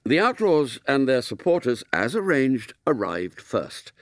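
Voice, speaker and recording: Man, storybook narration, mock-solemn, lively intonation, dry close sound. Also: mid-range voice, measured pace, dry recording. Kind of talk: storybook reading aloud.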